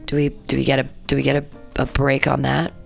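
Gravelly lady radio host, heated political rant, cusses a lot, some quiet music behind. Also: rumbling low, completely flat delivery, brisk. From San Francisco area. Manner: profane, heated, talks back to the news.

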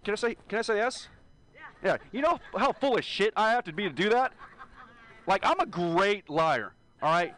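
A young man in his twenties doing a rambling, crude stand-up set. He is hungover and leans into self-deprecating confessions. His voice sits a bit high for a man. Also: expressive, moderate pace, a bit bright, rough recording. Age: 20s. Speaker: stand-up comedian. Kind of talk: stand-up set at an open mic.

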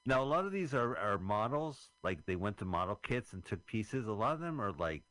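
A man's voice: lowish voice, sing-song, fairly quick, a bit bright, no room sound, low-quality recording. A man hosting a radio show, giving joking, wry running commentary on a movie with some swearing, in a casual chat style.

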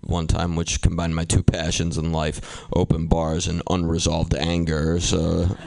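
A man's voice: sits low, completely flat delivery, measured pace, gravelly, darkish tone. A man from doing a stand-up comedy set, telling a story animatedly and laughing at his own jokes. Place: comedy club stage.

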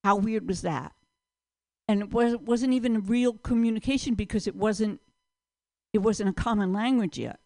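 A woman's voice: mid-range voice, normal speed, mellow, no room sound. Rambling woman doing stand-up. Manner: rambling, self-deprecating, sings a joke song. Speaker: stand-up comedian. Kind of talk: open mic stand-up set.

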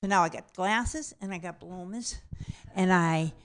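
A woman's voice: on the low side, measured pace. A woman telling a comic personal story aloud, blunt and profane, acting out the other people's voices as she goes.

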